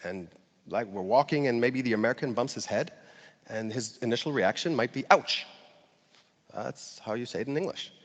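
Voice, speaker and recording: A man's voice: medium pitch, brisk, in a large hall. A man giving a conversational talk to an audience, with fillers and light laughter. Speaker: speaker giving a talk on language learning.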